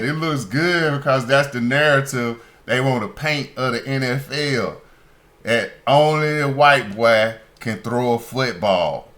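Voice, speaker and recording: On his sports talk radio show, this male host delivers an opinionated monologue in a mid-range, fairly bright voice. He starts out emphatic and works himself up to heated indignation.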